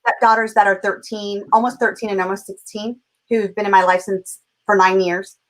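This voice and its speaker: A woman's voice: medium pitch, flat delivery, moderate pace, rough recording. A middle-aged woman from California, a parenting coach who talks as an interview guest in a passionate, emphatic way. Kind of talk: heartfelt conversational interview.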